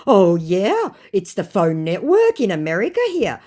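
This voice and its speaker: A woman voicing a dim, pushy male online romance scammer, reading his chat messages slowly and mockingly. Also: mid-range voice, wildly swooping pitch, warm tone, voice pushed up.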